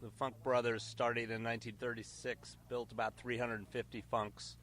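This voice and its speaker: A man with a medium-pitched voice gives plain facts about an old plane. He is a pilot guest speaking outdoors at a small airfield. Faint noise runs behind him. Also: flat delivery, moderate pace, fairly bright tone. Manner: matter-of-fact, factual.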